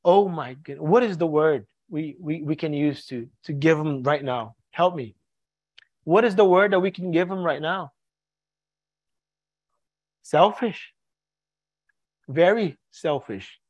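High-voiced earnest male preacher. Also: takes it slowly, long pauses, no room sound, lo-fi sound. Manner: earnest, repeats words when searching for them. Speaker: pastor. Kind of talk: sermon.

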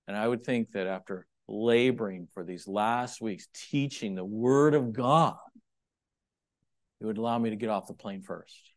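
A man's voice: fairly low pitch, unhurried. A man preaching a sermon, conversational and confessional, with dynamic swings from emphatic peaks to near-whispers. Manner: conversational and confessional, acts out his own inner thoughts.

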